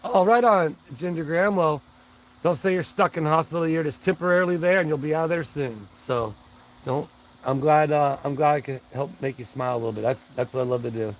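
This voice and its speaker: Guy running a live stream, slightly high voice, chatty, reads out names, little bit of hiss behind. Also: brisk, rough recording. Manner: greets viewers by name, rambling and friendly. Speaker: livestream host. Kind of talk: casual live chat.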